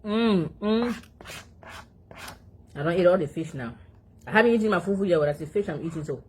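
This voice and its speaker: Lady vlogging into her phone at home, deep low voice, chatty, mm-ing as she eats. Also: lively intonation, brisk, darkish tone, slight background noise. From Africa. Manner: chatty, talks to her dog between mouthfuls, frequent chewing hums. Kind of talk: casual eating vlog chat.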